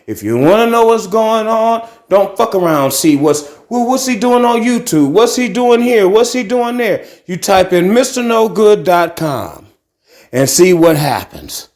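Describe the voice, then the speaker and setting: A man's voice: sits high, sing-song, a little slow, darkish tone. A middle-aged man from Ohio hosting a podcast, ranting bluntly and profanely as he walks around his apartment. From Akron, Ohio. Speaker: podcast host. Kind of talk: casual monologue vlog. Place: carpeted apartment living room, walking into tiled kitchen.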